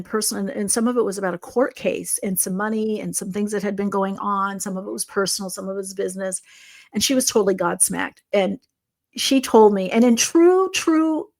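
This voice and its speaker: In a video conversation, a middle-aged woman appears as a psychic guest and casually tells stories from her life. Her voice is gravelly at an ordinary middle pitch, and she's animated, acting out the voices of people she quotes and often breaking off to restart her sentences.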